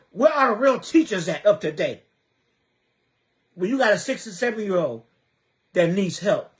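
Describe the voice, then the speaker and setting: A high-pitched man from New Jersey speaks straight to his viewers in an impassioned livestream monologue. He hammers his points home by repeating rhetorical questions again and again, with a community advocate's urgency. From Trenton area, New Jersey.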